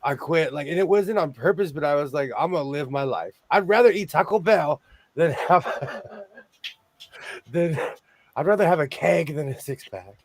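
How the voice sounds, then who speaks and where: A man's voice: fairly high pitch, a little slow. A man in his forties from California, hosting a rambling casual chat over a video call. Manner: rambling, chatty storyteller.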